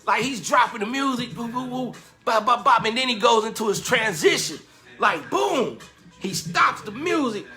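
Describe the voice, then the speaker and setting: A man casually telling a lively, slangy story about his club days and acting out the quotes. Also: very high voice, normal speed, faint music behind. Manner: animated, slangy, acts out quotes with laughter.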